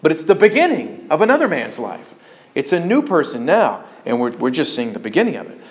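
Pastor, male, lively sermon voice with big swings, slightly high, dull lo-fi recording. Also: fairly quick. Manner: animated, conversational preaching with sudden emphatic bursts. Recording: dull lo-fi sound.

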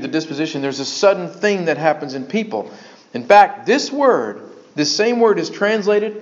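Animated man preaching a sermon. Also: on the high side. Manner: animated, conversational preaching with sudden emphatic bursts. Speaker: pastor. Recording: dull lo-fi sound.

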